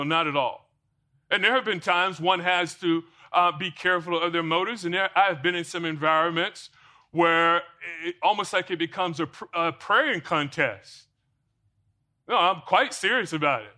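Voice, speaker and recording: Man preaching in a church, quizzing his listeners, ringing tone, pitched a bit high. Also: measured pace, bright, forceful tone. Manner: rhetorical questions to the congregation. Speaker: pastor. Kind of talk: sermon.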